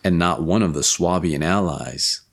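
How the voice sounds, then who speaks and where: A man narrating a fairy tale in an expressive storybook reading. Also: deep voice, unhurried.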